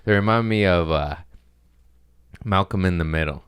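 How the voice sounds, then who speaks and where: Man, podcast host, deep voice, dry studio mic, rambling crude comedy. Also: fairly bright tone, smooth, no echo. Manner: rambling, crude storytelling with quick put-on voices. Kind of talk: casual comedic chat. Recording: dry close studio sound.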